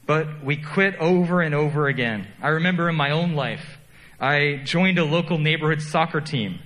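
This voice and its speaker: Guy pastor giving a sermon, kinda high voice, chatty and self-deprecating. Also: sharp tone, big-room sound, low-quality recording. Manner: self-deprecating, conversational storytelling.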